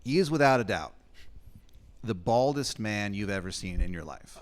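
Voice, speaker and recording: Deadpan man running an improv game. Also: lowish voice, normal speed. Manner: rambling, deadpan, casual swearing. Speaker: game master. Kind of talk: comedic improvised storytelling.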